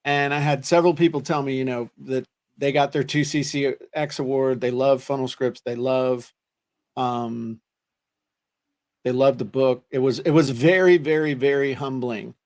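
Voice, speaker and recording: A man's voice: mid-range voice, steady tone, moderate pace, a little mellow. A man co-hosting a show, telling stories in a casual, joking chat. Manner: joking storyteller, self-deprecating. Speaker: co-host.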